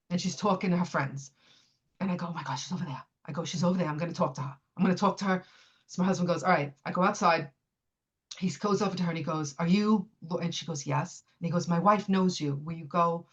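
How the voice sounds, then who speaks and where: A woman's voice: fairly low pitch, fast, husky, lo-fi sound. Chatty woman in her fifties telling a story. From New York City. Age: 50s. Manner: lively, acts out dialogue with many "I go" and "she goes" quotes; chatty, with frequent fillers and restarts. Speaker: podcast guest. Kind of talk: personal storytelling in a podcast interview.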